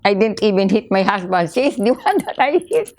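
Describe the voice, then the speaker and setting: Older Filipino woman with a gravelly voice. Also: mid-range voice, sing-song, a little mellow. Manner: halting, repeats words, mixes in Tagalog. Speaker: interviewee. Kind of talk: casual storytelling interview.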